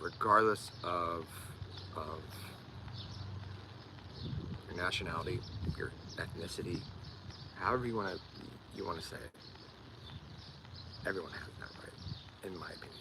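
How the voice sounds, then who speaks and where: A man's voice: sits low, moderate pace, long pauses, noisy background. A man with a Philadelphia accent talking casually to viewers on a live stream, often repeating words as he searches for them. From Delaware County, Pennsylvania. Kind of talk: casual livestream chat.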